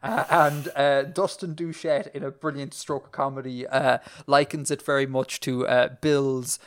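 An Irish man hosts a casual podcast at an ordinary middle pitch. He rambles and circles back with plenty of fillers and self-corrections. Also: little pitch movement, normal speed. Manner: rambling, many fillers and restarts. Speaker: podcast host. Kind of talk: casual chat.

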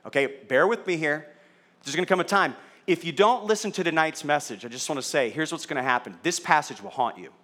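A man's voice: on the high side, lively intonation, fairly quick, sharp tone. A middle-aged man, a pastor, teaching a sermon in a conversational way, checking in with his audience and teasing the room. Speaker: pastor teaching a Bible study.

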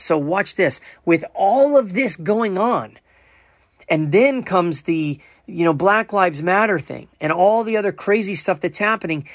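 A man's voice: sits high, a bit bright, no room sound, studio quality. A man giving an emphatic sermon monologue, full of rhetorical asides and quoted scripture. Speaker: preacher.

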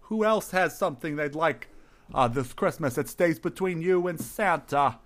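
A jolly, pushy Santa holds court in a fantasy tavern, booming out ho-ho laughs and stammering through his lines. A man puts him on in a voice pitched a bit high. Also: moderate pace, a bit bright, close to an everyday voice. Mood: hammy.

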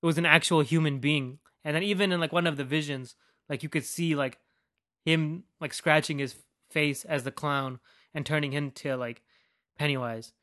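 A young podcast host tears into a film, profanity landing in almost every line as he mocks it. Speaking at an ordinary pace in a slightly high voice for a man, he lurches between shouting and quiet grumbling, animated throughout.

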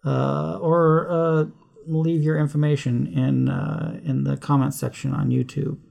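A man's voice: a little high, little pitch movement, unhurried, creaky, a little mellow. A man co-hosting a movie podcast, rambling and catching himself mixing up names. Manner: rambling, trips over names and corrects himself. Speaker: podcast co-host. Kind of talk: casual chat.

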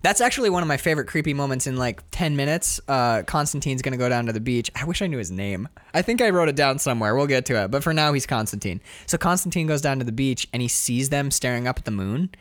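A man's voice: mid-range voice, animated, fast, hardly any pauses, a bit bright, no room sound. A man co-hosting a casual movie recap podcast, acting out lines from the film in silly voices. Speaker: podcast co-host.

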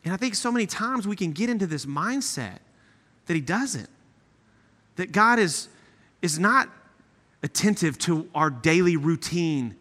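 A man giving a sermon as guest preacher, in an animated, emphatic and conversational way. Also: high-pitched. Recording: echoey hall.

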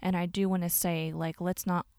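A woman with a fairly low voice speaks candidly and reflectively to her podcast listeners. She often restarts her sentences as she talks. The recording is dry and close, with no room sound. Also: flat delivery, normal speed, darkish tone, dry recording. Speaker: podcast host. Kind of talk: solo podcast monologue.

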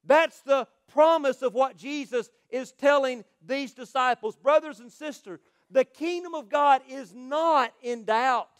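A male pastor preaching a sermon, swinging between loud proclamations and quiet, quick asides. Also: extremely high pitch, clear, resonant tone.

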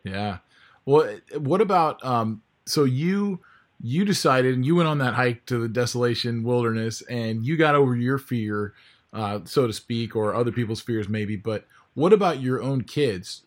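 A man interviewing a guest, asking questions in a relaxed, slightly hesitant way. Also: mid-range voice, normal speed.

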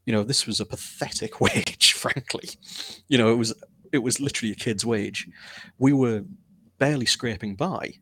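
A man's voice: medium pitch, moderate pace, fairly bright tone, slightly rough, dry recording. Man, author guest, casual interview, candid, self-deprecating.

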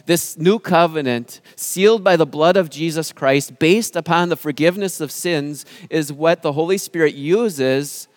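A pastor giving an earnest sermon, speaking with emphasis and dramatic pauses. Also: male voice, on the high side, no room sound, clean studio sound.

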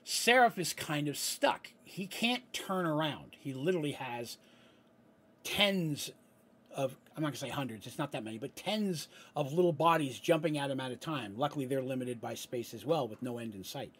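A man's voice: medium pitch, animated, moderate pace, a bit bright, husky. A man acting as game master, narrating a tabletop fantasy battle with explanatory asides and frequent checks of "right?".

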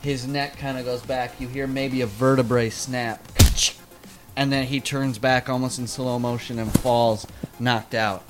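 A man's voice: mid-range voice, little pitch movement, unhurried, music in the background. A man narrating a tabletop game as game master, vivid and playful, laughing between beats.

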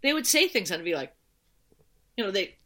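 A middle-aged woman from Boston with a Boston accent, chatting in an animated, storytelling way. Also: medium pitch, a little fast. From Boston, USA. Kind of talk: casual chat.

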